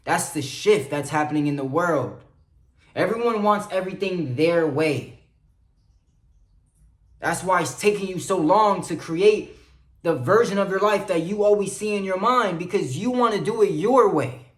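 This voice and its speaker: A man giving an earnest spiritual pep talk, shifting between soft confiding passages and loud urging ones. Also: high voice, lively intonation, moderate pace, echoey room. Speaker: motivational vlogger. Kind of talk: spiritual motivational monologue.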